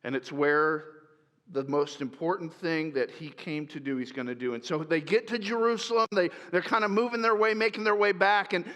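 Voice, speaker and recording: A man with a high, bright, forceful voice preaches in a relaxed, conversational way and slips into the voices of the people in his story. His voice rings out with the long reverb of a big church hall. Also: moderate pace. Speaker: pastor. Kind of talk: sermon.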